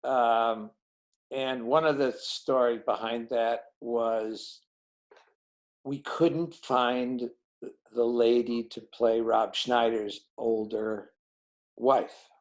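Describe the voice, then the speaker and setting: A film director being interviewed, telling behind-the-scenes stories and acting out the dialogue of the people in them. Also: male voice, medium pitch, very slow, rough recording. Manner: animated, acts out dialogue in quoted voices. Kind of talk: anecdotal storytelling in an interview.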